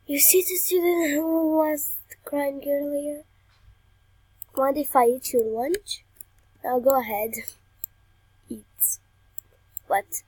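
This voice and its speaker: A woman's voice: high voice, fairly even intonation, slow, long pauses, a little mellow, no echo, rough recording. A young woman playing a video game, reading the on-screen text aloud and chatting playfully as she plays. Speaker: gamer. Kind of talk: game commentary.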